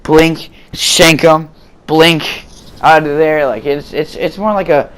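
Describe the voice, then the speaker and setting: A man's voice: a little high, steady tone, slow, a bit bright, smooth. A man giving casual, rambling voice-over commentary on gameplay footage, full of fillers and restarts, recorded at home.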